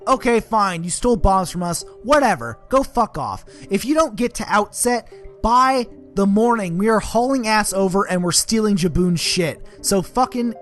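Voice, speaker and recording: A man's voice: high voice, expressive, normal speed, a bit bright, soft background music. A man voicing a brash young female pirate captain in a video game, bossy and profane. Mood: dismissive.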